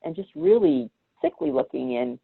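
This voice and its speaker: Over a tinny video call, a woman guest with a rumbling low, gravelly voice tells stories in casual chat at a normal speed. She's an animated storyteller who acts out the voices of the people she quotes.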